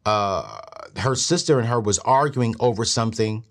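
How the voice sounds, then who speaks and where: Earnest preachy man giving money advice. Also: moderate pace. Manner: earnest, preachy, rises in pitch when emphatic. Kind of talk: motivational talk to camera.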